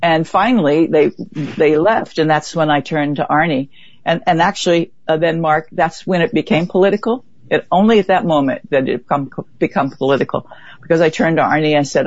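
Lively woman telling a story, dry sound. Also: low-pitched, a little fast, no echo. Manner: lively, vivid storyteller, acts out quotes. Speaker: interview guest. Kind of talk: conversational storytelling. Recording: dull, dry lo-fi recording.

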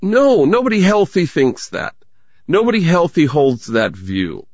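A man's voice: on the high side, a little slow, no echo, muffled recording. An older man, a priest, telling stories in a reflective radio interview. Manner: animated storyteller, gravelly voice.

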